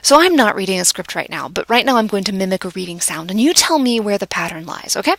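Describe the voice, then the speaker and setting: A woman teaching vocal delivery, her mid-pitched voice carrying a gravelly edge. She talks conversationally, poses rhetorical questions and shifts her volume on purpose, sometimes sinking to a whisper for emphasis. The sound is close and dry, with no room echo. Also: sing-song, a bit bright. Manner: demonstrative, varies volume and pace deliberately, drops to whispers for emphasis. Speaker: speech instructor.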